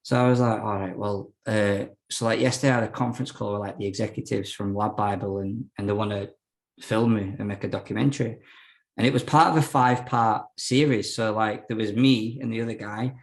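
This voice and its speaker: A young man talks frankly about his past as a podcast guest. His voice sits low with a gravelly fry, and his casual telling rambles through fillers and restarts. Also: steady tone, fairly quick. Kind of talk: casual storytelling interview.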